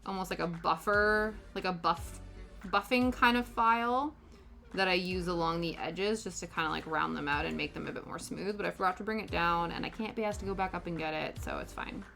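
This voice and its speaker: A woman's voice: on the low side, fairly quick, vocal fry, pushed and bright, soft background music. A woman in her thirties chatting casually while painting her nails, rambling with lots of fillers. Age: 30s. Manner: rambling, filler-heavy storytelling. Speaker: nail-painting vlogger.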